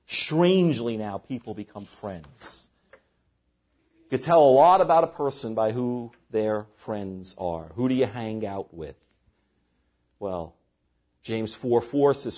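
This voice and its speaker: A man's voice: medium pitch, a little mellow. A man preaching a sermon as pastor, reading scripture aloud and breaking in with short asides to the congregation.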